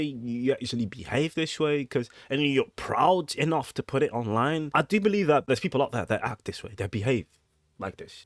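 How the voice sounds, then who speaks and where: A man reacts to online posts in casual talk, emphatic and exasperated, often saying the same thing twice. His pitch moves widely, and the sound is dry with no room echo. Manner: emphatic, exasperated, repeats himself.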